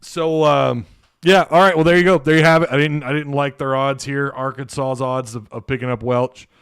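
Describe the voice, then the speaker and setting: A man hosts a relaxed live stream, answering chat with jokes and frequent chuckles. His voice is smooth and clear, and the sound is close and dry with no room echo. He speaks at an average pitch. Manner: laughing, joking, thinking aloud. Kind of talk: casual live stream chat reading comments.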